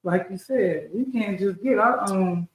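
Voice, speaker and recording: Man, fairly high voice, class participant; hesitant casual talker, roomy echo. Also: unhurried, far from the mic. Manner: hesitant, leans on "you know". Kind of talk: casual chat.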